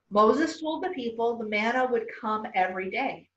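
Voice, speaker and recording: Expressive woman storyteller, high lively voice, distant echoey church sound. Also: moderate pace, hardly any pauses. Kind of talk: children's story reading. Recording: echoey room, far off, dull sound.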